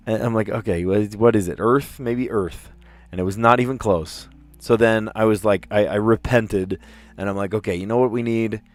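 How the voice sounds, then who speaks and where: A middle-aged man with a lowish voice chats casually on a live stream and works through a word puzzle out loud. He is excitable and pokes fun at himself. Faint music plays quietly underneath. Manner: thinks aloud, excitable, self-mocking.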